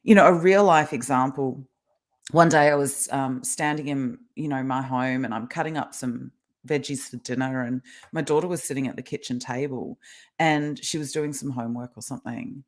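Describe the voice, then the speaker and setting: A woman's voice: rumbling low, moderate pace. Woman, middle-aged, interview guest, video call, chatty, explanatory. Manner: talkative, explanatory, laughs often. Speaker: guest, kinesiologist and life coach. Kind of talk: casual interview chat.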